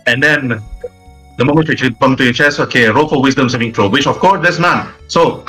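Man, game master, mid-pitched voice, rambling narration, faint music behind. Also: fast, sharp tone, rough recording. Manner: rambling, frequent restarts and "and then".

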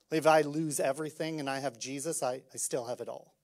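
Male pastor mid-sermon, chatty but fervent, drops to a hush then surges loud, leans on "like". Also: on the high side, steady tone, normal speed, hardly any pauses. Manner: conversational, fervent, many "like" fillers, swinging from hushed to loud.

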